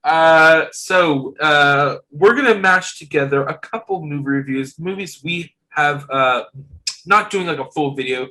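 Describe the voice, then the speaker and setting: A man's voice: a little high, measured pace, bright, forceful tone, poor audio. A young man hosting a casual podcast chat, upbeat and leading the talk with lots of fillers. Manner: upbeat, leads the show with fillers. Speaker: podcast host.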